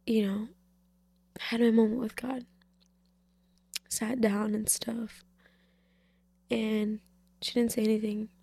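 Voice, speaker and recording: A young woman giving an emotional personal faith testimony in a casual way, soft-spoken, often dropping to a whisper, with many fillers, tearful. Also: fairly high pitch, level tone, slow pace, vocal fry, pauses often, husky, dry recording.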